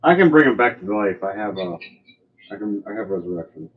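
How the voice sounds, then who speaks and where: Lively man running a tabletop game. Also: lowish voice, a little fast, narrow, tinny audio. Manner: lively narration with sound effects. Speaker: game master.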